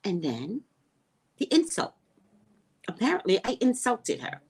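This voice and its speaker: A woman who works as a psychic, telling a story in a casual, profane way and swinging between loud and hushed. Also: medium pitch, wildly swooping pitch, measured pace, breathy edge.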